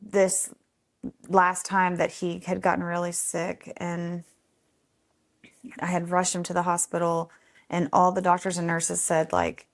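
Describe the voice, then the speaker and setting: A woman telling stories from the foster home she runs, conversational and animated, voicing other people in the story with sudden jumps in pitch. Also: unhurried, long pauses. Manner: animated, acts out quotes with big pitch jumps.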